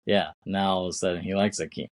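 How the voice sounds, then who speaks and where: A man with a low, steady voice talks quickly while co-hosting a podcast, casually recapping a film's scenes in a rambling way. He uses many fillers and acts out quotes. The recording is dry.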